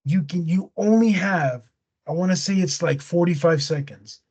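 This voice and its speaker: A man hosting a casual podcast, slangy and animated as he retells a movie plot. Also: sits high, normal speed, husky. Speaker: podcast host.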